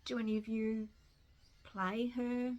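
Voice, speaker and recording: A woman's voice: a little high, flat delivery, slow pace, a little mellow, muffled recording. An Australian woman talking casually to camera at home in a rambling, self-deprecating way. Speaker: vlogger. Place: home in Melbourne.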